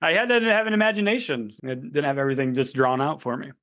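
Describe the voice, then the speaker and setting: A man's voice: on the high side, expressive, fast, a bit bright, dry recording. A man in his thirties co-hosting a podcast, talking casually with frequent swearing and laughter. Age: 30s. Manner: casual, profane, laughs often. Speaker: podcast co-host. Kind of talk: casual chat.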